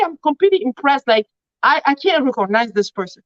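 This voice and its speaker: A woman co-hosting a motivational podcast tells stories with animated emphasis. Her voice sits high and swoops widely. The sound is dry and slightly dull. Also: fast, no echo. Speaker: podcast co-host.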